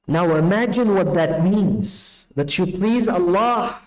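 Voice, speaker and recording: A man's voice: slow, poor audio. A man telling a story in a night sermon, acting out the dialogue with sweeping changes in his voice. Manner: animated storyteller, acts out dialogue with big pitch swings. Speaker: preacher.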